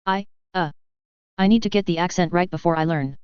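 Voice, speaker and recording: A panicked young woman who swears under her breath, voiced by a woman reading aloud. Her voice sits fairly low, very clear and dry. The recording sounds a little dull. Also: a little fast, dry recording, lightly acted. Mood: flustered. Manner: swearing, flustered. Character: panicked young woman stuck in a child's body.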